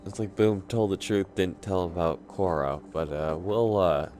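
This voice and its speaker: Man, very deep voice, casual let's-play commentary, rambling, game music behind. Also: a little slow, darkish tone. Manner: rambling, thinks aloud with many "like"s. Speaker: gameplay narrator.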